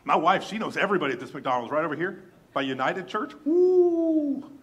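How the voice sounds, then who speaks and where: A man's voice: a little high, fast. A male pastor telling a personal story in a sermon, chatty and speaking straight to the congregation, acting out what people said. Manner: animated, acts out quoted dialogue; chatty, addresses congregation directly.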